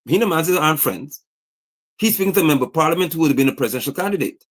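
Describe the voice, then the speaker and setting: A man's voice: a little high, expressive, rapid-fire. A man giving livestream political commentary, indignantly reading posts aloud and firing off rhetorical questions. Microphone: streaming setup mic.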